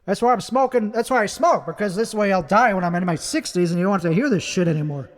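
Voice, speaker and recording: A man's voice: sits high, fast talker, big-room sound. A young man giving a brash, profane, rambling comic rant at a karaoke night. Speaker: comedian. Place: karaoke bar.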